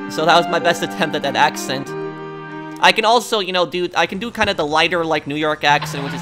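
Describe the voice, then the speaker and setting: A man's voice: a little high, fairly even intonation, fairly quick, over music. A man giving casual let's play commentary. He is chatty, reads in-game messages aloud and uses a lot of fillers.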